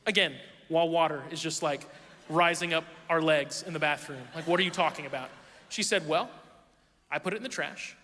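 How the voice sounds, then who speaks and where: Animated high-voiced man preaching in a hall. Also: brisk, slight background noise. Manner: animated, self-deprecating storyteller. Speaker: pastor. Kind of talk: sermon with storytelling. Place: church auditorium. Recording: long hall reverb.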